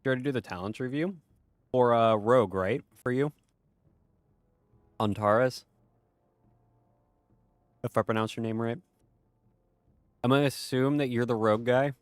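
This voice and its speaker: A man's voice: mid-range voice, normal speed, long pauses, dry recording. A man streaming a game, chatting casually and reading chat aloud in a laid-back, profane way.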